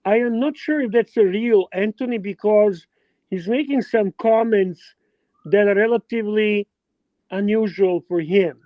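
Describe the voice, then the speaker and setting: A man who regularly co-hosts a casual livestream speaks in a high-sitting voice at a measured pace, with no echo. He sounds hesitant, uses plenty of fillers, and keeps a reassuring tone, all through a dull, dry lo-fi mic.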